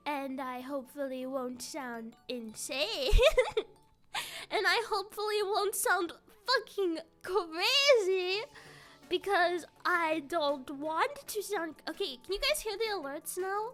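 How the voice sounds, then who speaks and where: A woman live streamer with a very high, bright, sharp voice, chatting in a casual and excitable way. She giggles often and repeats her lines. Faint music plays behind her. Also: slow pace. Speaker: live streamer with an avatar model.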